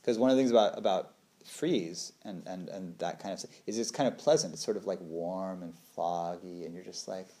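A man's voice: low voice, brisk, warm tone. A man in his thirties giving a casual talk on meditation, laughing often and acting out little quoted voices. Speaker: meditation teacher.

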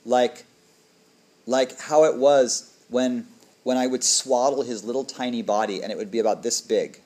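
A man's voice: mid-range voice, fairly even intonation, normal speed, darkish tone. A man, a dharma teacher, giving a reflective, conversational talk to a group and often asking "right?".

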